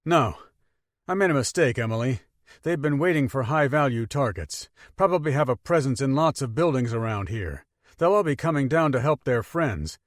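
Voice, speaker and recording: A man voicing a wry male pilot and bodyguard who jokes under fire, clipped and quick. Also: mid-range voice, animated, no room sound, studio quality, lightly acted. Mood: urgent.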